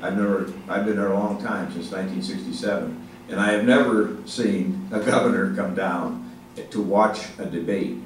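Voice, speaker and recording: An older man giving a speech to an audience, halting with many fillers and restarts, speaking with emphasis. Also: low voice, fairly even intonation. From Ohio, United States. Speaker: state legislative leader giving a speech. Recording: echoey hall, mic far off, faint noise.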